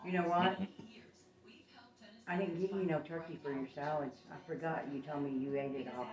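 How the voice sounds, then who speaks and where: A woman's voice: deep voice, steady tone, moderate pace, echoey room, distant mic, over music. A woman chatting casually at home in the kitchen, persistent and coaxing.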